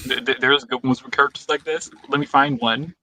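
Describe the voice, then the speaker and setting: A man rants in a casual chat, stopping often on fillers. His voice is very bright and sharp. His pitch moves widely. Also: sing-song, fairly quick, gravelly, low-quality recording. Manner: ranting, hesitant with fillers.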